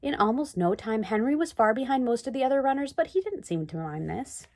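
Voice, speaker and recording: Expressive woman reading a children's book. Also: a little high, a little fast. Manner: expressive, sing-song read-aloud delivery. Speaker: storybook reader.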